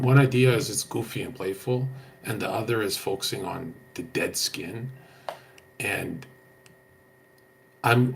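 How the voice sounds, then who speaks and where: Gravelly-voiced young man, blunt slangy streamer. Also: lowish voice, slight background noise. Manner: blunt, slangy, swears, says "bro" a lot. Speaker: livestreamer answering chat. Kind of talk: casual stream chat.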